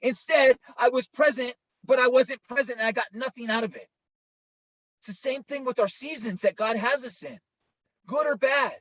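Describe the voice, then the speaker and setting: A man's voice: very high-pitched, normal speed, fairly bright tone, dry recording. A male pastor preaching an informal, conversational sermon, often checking in with listeners by asking "right?". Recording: dull lo-fi, dry sound.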